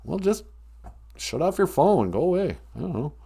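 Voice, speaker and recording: A man's voice: a little high, very animated, normal speed, gravelly, mellow, slightly rough. A man hosting a comic call-in sketch, laid-back and chuckling. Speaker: comedy show host.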